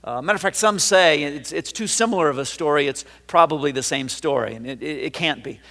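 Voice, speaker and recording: Pastor, male, mid-high voice, easygoing sermon delivery full of fillers, long reverb from a large hall. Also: brisk, creaky, a bit bright. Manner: conversational, with frequent fillers and restarts.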